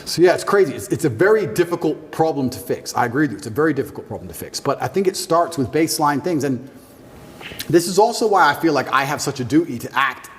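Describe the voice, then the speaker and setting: A man in his thirties being interviewed, talking forcefully and firing off rhetorical questions. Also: on the high side, expressive, quick pace. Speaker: interview guest. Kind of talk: emphatic interview talk. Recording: room with long reverb.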